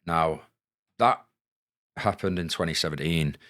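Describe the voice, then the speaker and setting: Podcast guest: man, 30s, extremely low voice, dry close mic, frank casual storyteller who swears. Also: a little slow, a bit bright, no room sound. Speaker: podcast guest, former footballer. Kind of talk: candid storytelling.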